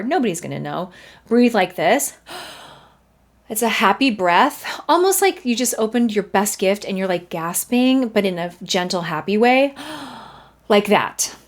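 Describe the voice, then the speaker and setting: On her podcast, this woman in her thirties, a voice teacher and host, gives a singing lesson full of sung demonstrations. Animated and talkative, she bursts into vocal examples, her voice swooping upward as she demonstrates, all captured through a studio microphone.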